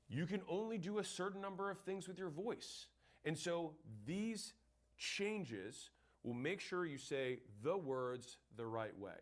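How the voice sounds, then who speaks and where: A man with a slightly higher-than-usual voice explains sales technique in a straight, instructional talk. He is blunt and emphatic and swears casually. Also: expressive, unhurried. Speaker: sales trainer.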